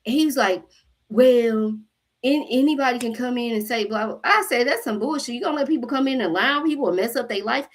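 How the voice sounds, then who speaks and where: A woman hosting a spiritual channel, telling a story to her viewers in an animated, profane way and acting out the voices of the people in it. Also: on the high side, brisk. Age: adult mother. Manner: animated, profane, acts out quotes.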